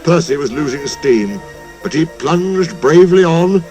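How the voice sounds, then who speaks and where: A man narrating a children's story in a slow, highly animated storytelling manner. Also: soft background music.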